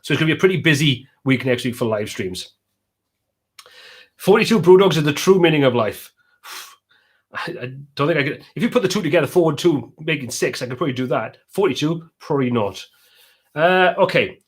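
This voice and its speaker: A man's voice: mid-range voice, animated, fast, fairly bright tone, husky. A man with a Welsh accent, casually chatting as host of a live stream and reading out viewers' comments.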